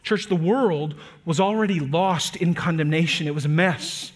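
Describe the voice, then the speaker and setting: Man, pastor, sermon, earnest, slightly higher voice, emphatic slowdowns, soft hushed moments. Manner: earnest preaching, slows and lifts voice for emphasis; drops to soft, quiet delivery on tender points.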